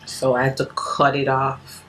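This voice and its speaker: A woman in her thirties talks as a podcast guest with a notably low voice. She tells her stories earnestly and with animation, and she laughs easily along the way. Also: monotone, a little slow, a bit bright. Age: 30s. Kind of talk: casual chat.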